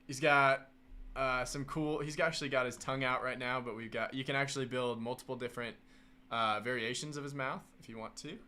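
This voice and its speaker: A man's voice: medium pitch, steady tone, brisk, bright, forceful tone. A man hosting a live building stream, chatting casually and enthusiastically.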